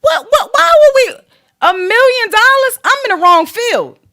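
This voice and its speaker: Sassy high-voiced woman podcast host. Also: measured pace, no room sound, studio quality. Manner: sassy, profane, animated gossip. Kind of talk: casual commentary podcast.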